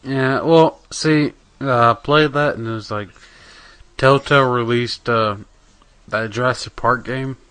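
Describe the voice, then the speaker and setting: A man's voice: medium pitch, measured pace, fairly bright tone, clean tone, dry recording. A man casually chatting on a gaming podcast, rambling with lots of fillers and swearing. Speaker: podcast co-host.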